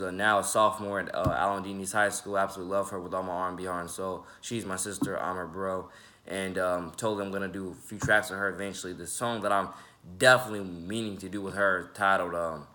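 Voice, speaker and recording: Low-voiced young man rambling. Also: bright, forceful tone. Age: 20s. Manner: rambling, stumbles and repeats words, many fillers. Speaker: independent rapper and YouTuber. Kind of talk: casual vlog talk to the camera.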